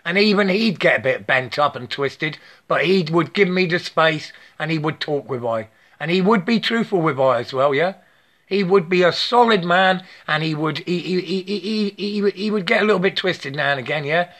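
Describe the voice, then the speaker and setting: A man's voice: on the high side, expressive, normal speed, fairly bright tone. A man in his late fifties giving a rambling spiritual monologue, swearing freely and tagging most sentences with "yeah?". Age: 50s. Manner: profane, repetitive, keeps asking "yeah?".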